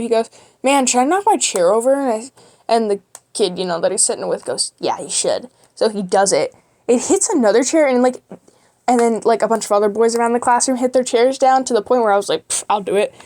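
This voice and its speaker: Animated young woman telling school stories. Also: mid-range voice. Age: teens. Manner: animated, acts out people in her stories; quick, rambling with many fillers. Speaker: YouTuber. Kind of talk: casual storytelling.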